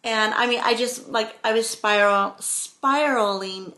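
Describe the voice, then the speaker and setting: Middle-aged woman vlogging, rambly storyteller, slow and bright sounding. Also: a little high. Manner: rambling, expressive, acts out quotes with exclamations. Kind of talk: personal storytelling to camera.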